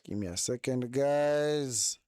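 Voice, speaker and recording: A man's voice: medium pitch, slow pace, darkish tone, clear, resonant tone, no echo, studio quality. A young man hosting a casual live watch-along stream, talking in a chatty, repetitive way and often correcting himself.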